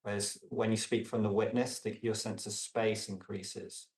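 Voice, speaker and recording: A man talking as a podcast guest in casual reflective conversation, meandering with many fillers and restarts and trailing off softly. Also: on the low side, level tone, normal speed, reverberant, far from the mic. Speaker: podcast guest, relational coach.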